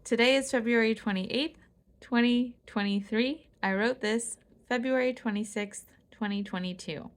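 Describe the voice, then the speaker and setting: A woman reading aloud her own spiritual writing in a soft, musing way. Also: a little high, normal speed. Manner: soft-spoken, musing, laughs at herself. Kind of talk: reflective spiritual monologue.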